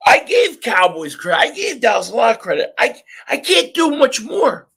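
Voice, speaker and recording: A man hosting a live sports reaction stream, ranting excitably and often shouting at the game. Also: very high-pitched, moderate pace, vocal fry, slightly rough. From Philadelphia area.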